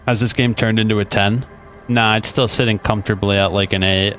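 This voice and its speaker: Casual low-voiced male gamer. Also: steady tone, fairly quick, fairly bright tone, faint music behind. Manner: chatty, joking, reads game dialogue aloud. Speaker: gaming streamer. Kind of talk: casual let's play commentary.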